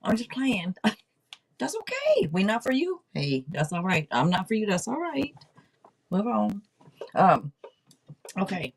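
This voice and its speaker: A woman in her forties chatting casually on a live tarot stream, loud and blunt, joking and swearing freely, her throat a little irritated. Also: mid-range voice, wildly swooping pitch, measured pace, vocal fry, pauses often, a little hiss or hum.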